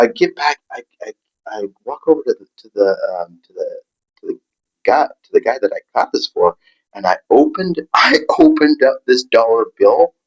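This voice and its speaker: A man with a medium-pitched voice tells a personal story in a halting, rambling way, full of restarts and fillers, acting out the voices of people he met. The audio sounds dull.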